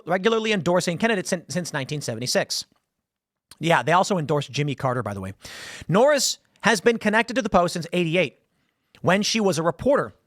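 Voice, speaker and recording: A man's voice: sits high, a bit bright, no echo, clean studio sound. A man hosting solo political commentary in a conversational storytelling way, acting out quoted people as he goes.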